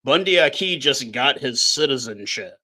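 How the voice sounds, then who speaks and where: A man's voice: mid-range voice, lively intonation, normal speed, sharp tone. A man from Canada co-hosting a casual podcast, talking bluntly and ranting with plenty of swearing. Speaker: podcast co-host. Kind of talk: casual chat.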